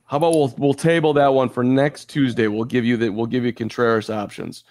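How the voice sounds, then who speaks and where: A man's voice: medium pitch, steady tone, brisk, darkish tone. A man from Chicago co-hosting a podcast in casual sports chat, joking and rambling through asides. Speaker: podcast co-host.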